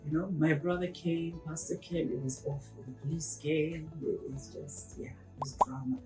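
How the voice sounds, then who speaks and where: An earnest woman in her forties tells a painful story from her past, often sinking to a hushed near-whisper. Her voice sits a little low. She sounds set back from the mic in a roomy space, with faint music underneath. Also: steady tone, normal speed, distant mic. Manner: earnest, reflective, with hushed moments. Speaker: interview guest, counsellor. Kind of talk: emotional personal storytelling.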